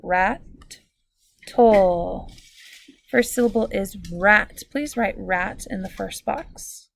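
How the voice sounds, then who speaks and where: A woman teacher leads a recorded phonics lesson at a deliberate, clear pace. Her mid-pitched voice has a slight gravelly fry. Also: a bit bright. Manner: slow, clear, instructive.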